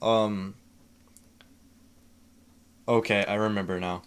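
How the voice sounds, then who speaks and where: A man's voice: fairly low pitch, takes it slowly, smooth. A young man in casual chat, telling a funny story with frequent laughs. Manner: laughs often, animated storytelling.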